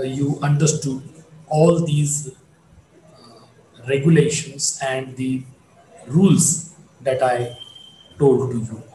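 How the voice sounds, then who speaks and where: A man giving a recorded online phonetics lecture, explaining slowly and repeating points for students. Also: on the high side, darkish tone, reverberant, a little hiss or hum, rough recording.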